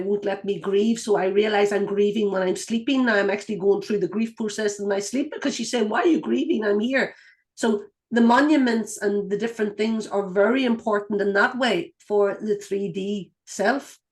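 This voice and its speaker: A woman's voice: medium pitch, a little mellow. A woman, a clairvoyant and intuitive guide, talking earnestly and rambling through stories with many restarts. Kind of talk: casual spoken teaching, storytelling.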